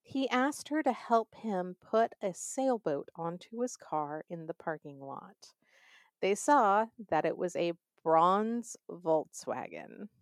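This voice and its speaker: A woman's voice: on the low side, expressive, slow pace, no room sound, clean studio sound. Sarcastic young woman telling true crime. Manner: sarcastic, conversational storytelling. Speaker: podcast host. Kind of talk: true crime podcast narration.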